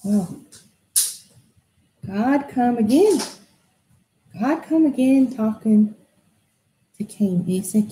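A woman telling a Bible story to children in an animated way, asking them questions. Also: fairly high pitch, extremely slow, long pauses, slight background noise. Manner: animated, asks kids questions. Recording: echoey room.

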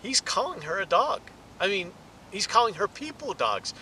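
A man preaching a sermon with a high, bright voice that climbs for emphasis. He teaches in an animated way. Faint traffic noise sits in the background. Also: normal speed, poor audio. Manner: animated, rises in pitch and volume for emphasis. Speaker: pastor.

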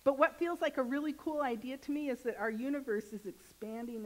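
A woman's voice: high-pitched, fairly quick, a little mellow, rough recording. A woman minister giving a sermon in a church, joking and asking her congregation questions in a conversational way. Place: church sanctuary.

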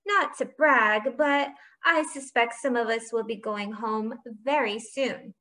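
A woman voicing a smug, falsely cheerful boy who flatters the adults. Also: on the high side, slow pace, heavily acted. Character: smug, fawning rich boy.

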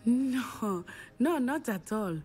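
An actress playing a friendly young female transfer student, gently encouraging. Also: a little high, animated, slow, faint music behind.

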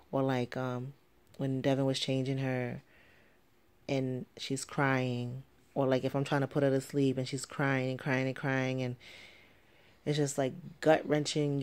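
Her voice is extremely low pitched with a darkish tone. A young woman, she's vlogging casually from home at night with a sleeping baby nearby, rambling and chatty with lots of fillers.

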